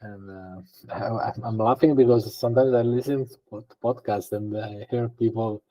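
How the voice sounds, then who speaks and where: A man's voice: fairly low pitch, fairly even intonation, moderate pace, mellow, rough recording. A man answering as a guest in a podcast interview, explaining things conversationally and thinking aloud with frequent fillers and restarts. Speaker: guest data engineer.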